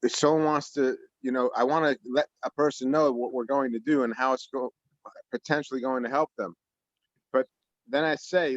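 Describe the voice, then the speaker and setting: A man's voice: medium pitch, steady tone, moderate pace, dry recording. Earnest man on a muffled call. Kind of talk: casual group discussion. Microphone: video call.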